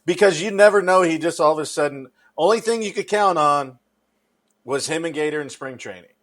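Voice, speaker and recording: A man's voice: fairly high pitch, animated, fairly quick, fairly bright tone. Rambling, enthusiastic co-host, man from Nebraska. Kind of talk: casual sports talk.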